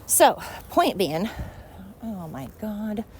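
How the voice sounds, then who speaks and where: On a night walk beside a road, a woman hosts a solo podcast, breathless and scattered, chatty and self-deprecating. Her medium-pitched, gravelly voice is lively in intonation but extremely slow, with a slight hiss or hum.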